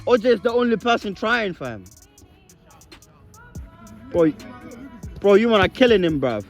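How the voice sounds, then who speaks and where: Young man, high and lively, slow drawl; sideline banter, whoops and teasing. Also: faint music behind. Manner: laughing, teasing, loud whoops. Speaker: sideline commentator filming friends' football. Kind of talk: excited slang-heavy sideline banter.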